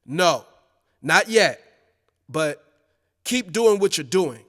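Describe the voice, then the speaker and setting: A man voicing a calm, businesslike record executive. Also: sits high, slow, long reverb tail, exaggerated voice.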